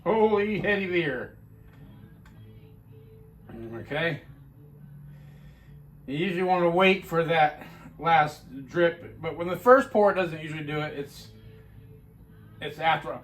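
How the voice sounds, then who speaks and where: A man's voice: on the high side, unhurried, pauses often, a bit bright, soft background music. A man reviewing his own homebrewed beer in a casual chatty video, rambling with fillers and restarts.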